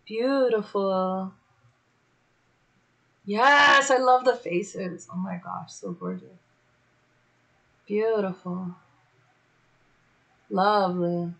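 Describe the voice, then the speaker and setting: A woman hosting a casual livestream, chatty and excitable, swearing freely as she talks. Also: on the high side, creaky. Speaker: livestream host.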